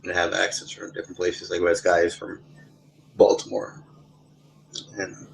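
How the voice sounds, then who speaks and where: A man's voice: sits low, completely flat delivery, moderate pace, gravelly, pauses often, a little hiss or hum, low-quality recording. A man in a casual online voice chat, telling rambling stories with plenty of swearing. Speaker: voice chat participant.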